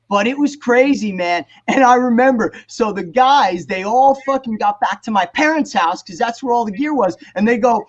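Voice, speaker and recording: Guy in his 50s, high voice, swears a lot, acts out the quotes, muffled call audio. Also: normal speed, few pauses. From New Jersey. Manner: animated, profane storyteller, acts out quotes. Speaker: guest musician. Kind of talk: casual storytelling on a video call panel.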